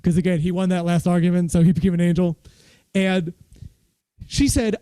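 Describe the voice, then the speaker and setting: Comic, high mellow voice, dry close sound, rambling self-deprecating stories on a video call. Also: male voice, level tone, normal speed, long pauses, clear, resonant tone, no room sound, rough recording. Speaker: stand-up comedian guest. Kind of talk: casual storytelling chat.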